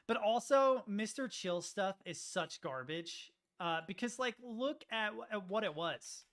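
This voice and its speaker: A man's voice: high voice, unhurried, hardly any pauses. A man streaming, chatting casually and reacting to videos, rambling and swearing as he goes. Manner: profane, rambling, animated.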